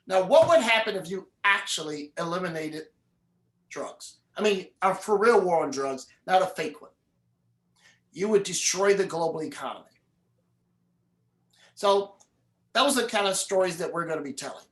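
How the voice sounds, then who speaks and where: Male filmmaker guest, animated storyteller, in a reverberant lecture hall. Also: sits high. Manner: animated, acts out the characters. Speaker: film director and guest speaker. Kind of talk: storytelling in a live conversation. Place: university event hall.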